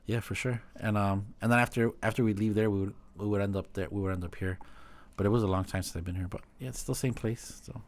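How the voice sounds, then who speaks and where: A man's voice: lowish voice, steady tone, fast. A man who owns a nightclub, a guest on a podcast, telling easygoing stories in casual chat. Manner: easygoing anecdotes, lots of "like".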